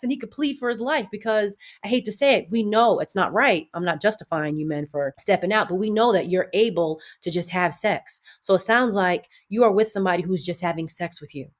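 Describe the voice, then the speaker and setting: A middle-aged woman co-hosting a chatty podcast, talking in a voice of ordinary pitch for a woman. She is lively and playful, jumping high when she acts out what other people say. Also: quick pace, hardly any pauses. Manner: animated, acts out quoted voices with big pitch jumps. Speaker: podcast co-host. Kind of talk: casual chat.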